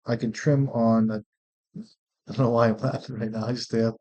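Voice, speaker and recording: A man's voice: mid-range voice, level tone, brisk, darkish tone, muffled recording. A man streaming a card game, thinking aloud in casual, profane commentary and often muttering to himself.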